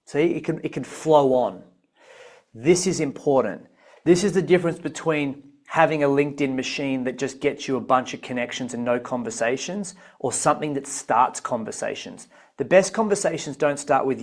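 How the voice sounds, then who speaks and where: An energetic man running a live online coaching class. His voice sits at a middle pitch. He talks in an encouraging coaching manner and often repeats his main points. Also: normal speed. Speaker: business coach.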